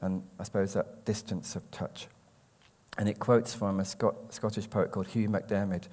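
An English man, a poet, reading his poems slowly and carefully, with hesitant, halting talk between them. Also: lowish voice, fairly even intonation, darkish tone. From England. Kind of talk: poetry reading with spoken introductions.

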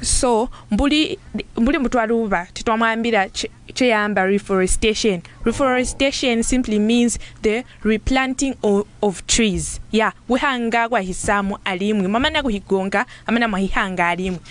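A young woman with a slightly high voice explains facts on a youth radio panel. She moves between English and a local language and often breaks off and restarts her words. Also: normal speed, hardly any pauses. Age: young adult. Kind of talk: explaining on a radio talk show.

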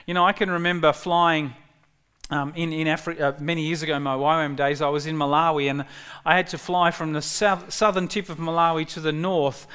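A male pastor delivering a sermon in an easygoing, conversational way. His voice sits a little higher than most men's, and he breaks into excited, lifted tones when he quotes. He often restarts his phrases as he talks. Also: smooth. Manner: conversational, animated when quoting God, halting restarts.

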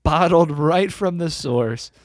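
A man's voice: on the high side, slow pace, no room sound, clean studio sound. A man co-hosting a podcast in casual comedic banter, teasing and laughing often. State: a bit out of breath. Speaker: podcast co-host.

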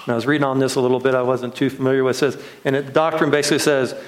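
A man's voice: mid-range voice, little pitch movement, racing. A man leading a retreat, preaching earnestly, often repeating words and posing questions to his listeners. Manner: earnest, repeats words, trails softly then lifts with rhetorical questions. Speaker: retreat leader. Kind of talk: sermon. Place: retreat gathering room.

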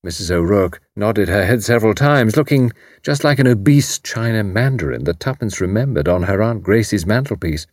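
A man narrating an audiobook in a measured, expressive reading style, close to the mic. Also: lowish voice, no echo. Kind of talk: scripted narration.

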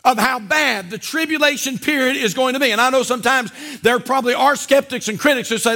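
Male pastor, church sermon: very high, bright tone, emphatic delivery with sudden low intense drops. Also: brisk, hardly any pauses. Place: church service.

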